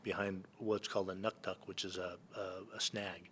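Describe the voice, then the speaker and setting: A man's voice: sits low, flat delivery, normal speed, fairly bright tone, a little hiss or hum. A man from Northern California, a podcast guest, telling rambling stories with many fillers and restarts. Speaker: guest, entrepreneur and hunting guide. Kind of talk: casual storytelling in a podcast interview.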